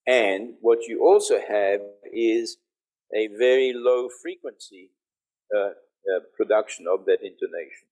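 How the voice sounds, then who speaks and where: A man's voice: lowish voice, a little slow, darkish tone. An older man, a professor, giving an online conference lecture and explaining step by step while checking that listeners can hear him.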